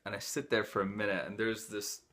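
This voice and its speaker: A man's voice: lowish voice, a little fast. A young man casually telling a personal story, animatedly acting out the dialogue of the people in it. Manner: animated, acts out dialogue in quoted voices. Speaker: host.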